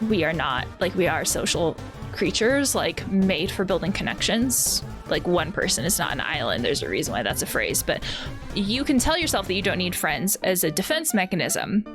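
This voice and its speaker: A woman who works as a counselor, giving casual commentary while playing a game, with quick exclamations and thoughtful asides. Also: on the low side, big pitch swings. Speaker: counselor playing video games. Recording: game music under voice. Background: game music.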